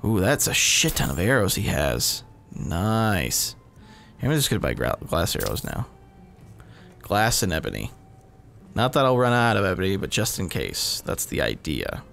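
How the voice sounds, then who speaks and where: A deep, creaky, somewhat bright male voice with big pitch swings moves at a measured pace. As a gaming video host, he rambles through casual let's-play commentary, making fun of himself and swearing frequently. Game audio and music sit behind him.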